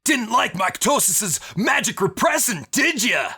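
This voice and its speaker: A man's voice: sits high, big pitch swings, unhurried, breathy edge, pitched above the performer's own voice, heavily acted. Man putting on a bellowing wrestler brute. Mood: taunting. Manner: boastful, talks about himself in third person, shouting. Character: huge brash multiplying wrestler villain man. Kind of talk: tabletop role-play voice.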